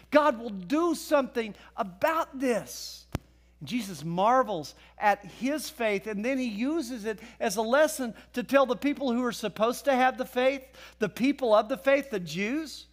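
High-voiced pastor preaching casually. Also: male voice, animated, unhurried. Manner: conversational preaching, acting out voices of biblical figures. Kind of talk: sermon.

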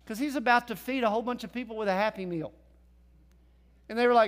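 High-voiced pastor preaching casually. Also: male voice, fast. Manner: conversational preaching, acting out voices of biblical figures. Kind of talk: sermon.

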